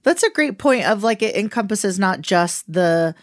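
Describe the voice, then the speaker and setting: Woman, podcast co-host, expressive casual chat, lively pitch, dry mic. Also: normal speed, no room sound. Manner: expressive, exclaims often.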